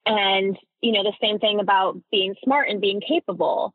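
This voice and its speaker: A woman guest talking reflectively about her own behavior, often pausing to search for words, heard over a remote line. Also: mid-range voice, breathy edge, no room sound. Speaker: podcast guest. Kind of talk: personal conversation. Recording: tinny phone-like remote line.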